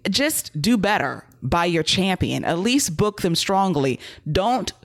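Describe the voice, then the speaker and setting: A man co-hosting a casual wrestling talk show. He sounds direct and critical, in a steady way. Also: high-pitched, takes it slowly, creaky. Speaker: wrestling podcast co-host. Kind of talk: casual commentary chat.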